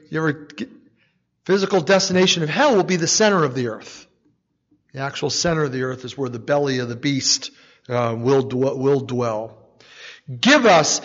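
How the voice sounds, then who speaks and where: A man giving a conversational sermon, animated, with frequent rhetorical asides and "right?". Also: fairly high pitch. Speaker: preacher. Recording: dull sound with long hall reverb.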